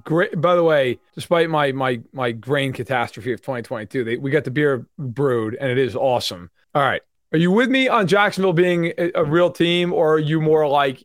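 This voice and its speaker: A man in his thirties co-hosting a casual sports talk show, animated and mimicking fans in loud put-on voices. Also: on the high side, normal speed, no echo, clean studio sound. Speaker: sports podcast co-host.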